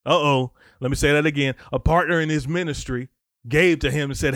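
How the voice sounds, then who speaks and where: A man teaching the Bible on a podcast in sermon style, reading scripture and breaking off into lively, casual asides. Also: on the high side, a little fast, dry recording, studio quality.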